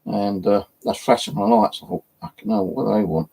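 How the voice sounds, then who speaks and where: A man's voice: on the low side, brisk, gravelly, mellow, slightly rough, rough recording. A man, telling a rambling story in casual chat, swearing freely as the host of his own channel.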